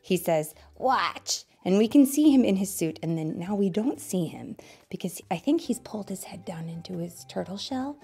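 A woman reading a children's story aloud in a playful, animated way, asking her listeners questions. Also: medium pitch, normal speed, gravelly, husky, faint music behind.

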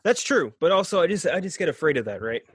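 Fast-talking husky man cracking jokes. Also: a little high, sing-song, no room sound, studio quality. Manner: quick jokey interjections, swears. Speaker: podcast co-host. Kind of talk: casual chat.

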